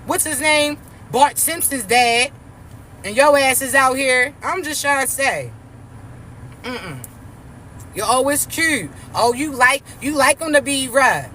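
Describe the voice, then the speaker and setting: A woman's voice: sits high, a little hiss or hum. Brash, profane woman ranting. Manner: brash, profane, animated and mocking. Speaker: spiritual vlogger. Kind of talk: casual rant to camera.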